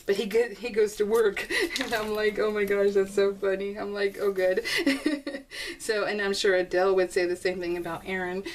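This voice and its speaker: A woman's voice: medium pitch, steady tone, normal speed. Woman, 40s, crafting vlogger: bubbly, chatty, laughs a lot, slightly distant mic. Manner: chatty and gushing, laughs often. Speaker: scrapbooking vlogger. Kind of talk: casual chat to viewers while crafting. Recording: slightly distant mic, faint background noise.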